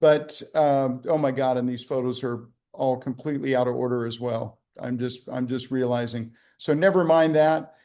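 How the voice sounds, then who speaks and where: This winery executive has a warm, steady mid-range voice, talks at normal speed, and hardly pauses. Over a video call from the winery, he runs a casual wine tasting, rambling and cracking jokes with fillers and restarts.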